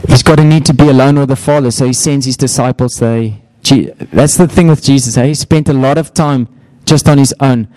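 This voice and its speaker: Middle-aged male pastor, warm dark tone, dry close sound, lively storyteller. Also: a little fast, few pauses, no room sound, low-quality recording. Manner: storytelling, acts out quotes with raised pitch. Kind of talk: sermon.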